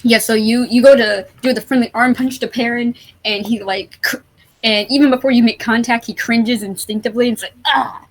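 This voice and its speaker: A woman narrating as game master of a tabletop game in a relaxed, conversational way. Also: a little high, fairly quick, poor audio.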